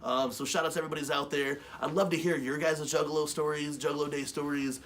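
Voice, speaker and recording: Man, slightly high voice, animated storytelling, casual swearing, faint room hiss. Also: fast. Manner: animated, swearing, loud bursts when excited. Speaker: webshow co-host.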